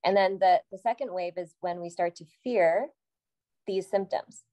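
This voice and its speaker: A Canadian woman, a psychotherapist guest on a podcast, explaining things calmly and steadily. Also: lowish voice, normal speed. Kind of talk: explanatory conversation.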